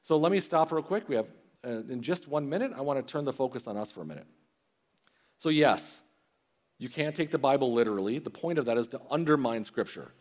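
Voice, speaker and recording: A man's voice: mid-range voice, lively intonation, brisk, a little mellow. Conversational middle-aged male preacher. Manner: conversational, with many restarts and quoted asides. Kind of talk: sermon.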